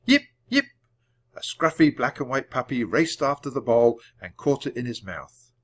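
A man reading a children's book aloud at a clear, measured storytelling pace. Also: medium pitch, lively intonation. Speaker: audiobook reader.

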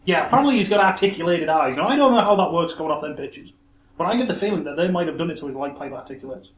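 A man co-hosting a casual chat about toys, excitable and quick to laugh. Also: fairly high pitch. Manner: excitable, laughs often, repeats words for fun. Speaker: podcast co-host. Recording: echoey room with faint hiss.

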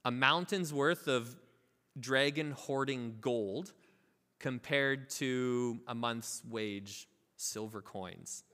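A man preaching a sermon as pastor, telling a parable with lively asides and acting out the characters' voices. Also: medium pitch, drawn-out words, in a large hall. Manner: informal, filler-heavy asides. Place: church sanctuary.

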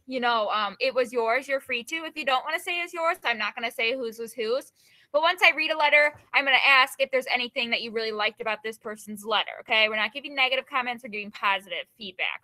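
A woman's voice: a little high, pushed and bright. A woman teacher running a class in an upbeat, encouraging way, talking to her students in an online class. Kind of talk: classroom lesson.

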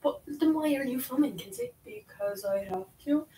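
A woman's voice: high-pitched, very animated, normal speed, mellow, rough recording. A teenage girl vlogging at home while bathing her kittens, rambling and self-mocking, chatting to the cats. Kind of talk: casual vlog chat.

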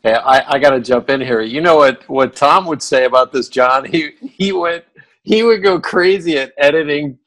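A man co-hosting a radio talk show, telling animated stories and laughing often. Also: on the high side, moderate pace, rough recording. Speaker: radio co-host. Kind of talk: tribute storytelling on a talk show.

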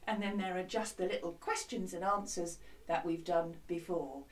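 A woman who is a music teacher, leading a lively children's music lesson from a hut, with a bright, encouraging, sing-song way of talking. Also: fairly low pitch, moderate pace. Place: outdoor classroom hut. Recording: slightly distant mic with music behind.

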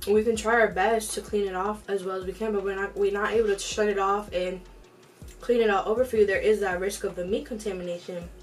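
A woman casually telling a storytime while eating, animated, acting out the people in it, swearing freely and filling with "like". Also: medium pitch, distant mic. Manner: animated, acts out quotes with shifting voices; swears freely, frequent "like" fillers. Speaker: storytime vlogger.

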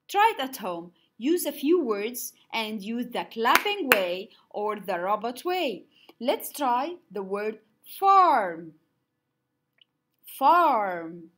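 Woman teacher, slow and husky, lively pitch, drawing out words in a lesson. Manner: slow, drawn-out words for clapping syllables; some slips and restarts. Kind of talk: online class lesson.

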